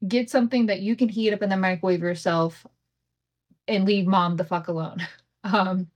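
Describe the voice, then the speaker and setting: Woman, 30s, solo podcast host, casual storytelling, swears freely, laughs often, mid-pitched voice, home mic setup. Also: fairly even intonation, moderate pace, a little mellow, muffled recording. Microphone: home podcast setup with imperfect audio.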